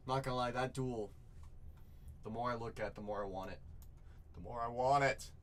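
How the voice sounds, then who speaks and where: A man hosting a live card break stream, talking to viewers in excitable, repetitive sales patter. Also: medium pitch, moderate pace, a little hiss or hum. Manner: excitable, repeats phrases, chats with viewers. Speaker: card break livestream host.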